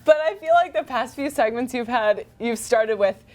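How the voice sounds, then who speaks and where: A young woman co-hosting a comedy talk show, quick-witted and teasing. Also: on the high side, expressive, a little mellow. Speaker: co-host. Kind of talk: casual comedic chat.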